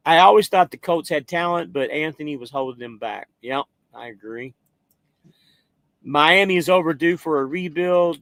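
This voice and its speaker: An American trucking livestream host with a fairly high, slightly bright voice chats loosely and rambles as he reads viewer comments. He swears casually, and the recording is dry.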